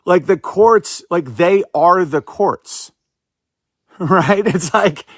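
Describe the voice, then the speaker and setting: Sarcastic fast-talking male podcaster. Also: high-pitched, expressive, no room sound, clean studio sound. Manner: rapid, sarcastic, fillers of "like". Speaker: podcast host. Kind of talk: casual political commentary.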